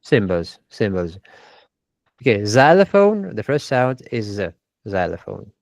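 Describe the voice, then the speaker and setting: A man runs a one-on-one English lesson, echoing each word back and gently fixing its pronunciation. His voice sits low, and the sound is dry and close. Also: a little slow. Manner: corrects pronunciation patiently, repeats words. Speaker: English teacher.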